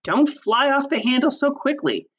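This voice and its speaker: Woman voicing a strict, sensible father in a storybook, firm and measured. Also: high voice, very animated, dull audio, voice pushed up.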